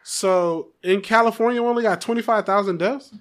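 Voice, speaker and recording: A man co-hosting a podcast in casual comedic chat, talking in excitable, quick bursts. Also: high-pitched. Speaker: podcast co-host.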